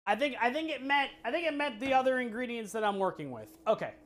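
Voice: mid-range voice, lively intonation, fast. A streamer cooking live and chatting with viewers, telling a long, rambling story full of swearing and restarts. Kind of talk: casual chat with live chat while cooking.

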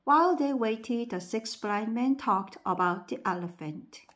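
A woman reading a bedtime story aloud. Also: on the high side. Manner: slow, lively storybook reading.

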